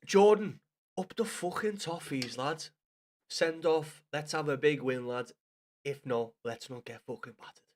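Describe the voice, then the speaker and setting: A man's voice: medium pitch, measured pace. A man chatting casually to viewers on a live game stream, swearing freely and calling everyone lad.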